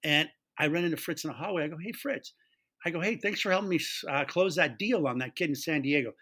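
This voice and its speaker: Animated, bright-voiced storytelling man. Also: on the high side, quick pace. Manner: animated, acts out quoted voices. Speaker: guest, taproom owner. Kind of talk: casual storytelling.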